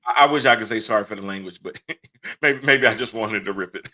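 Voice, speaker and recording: A man hosts a casual livestream. His voice is bright and forceful, and he talks bluntly and with passion. He laughs often between points. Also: fairly low pitch, a little fast. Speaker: host.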